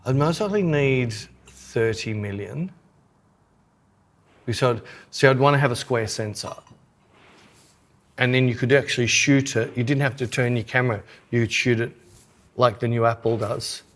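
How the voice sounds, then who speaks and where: A man's voice: medium pitch, moderate pace, pauses often, fairly bright tone. A man co-hosting a podcast, rambling and teasing in casual chat. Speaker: podcast co-host, photographer.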